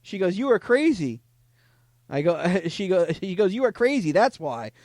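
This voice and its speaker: Lively high-voiced man retelling chats. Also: moderate pace, dry recording, studio quality. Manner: deadpan retelling, frequent "I go, she goes". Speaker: podcast host reading scam chats. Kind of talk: casual comedic retelling.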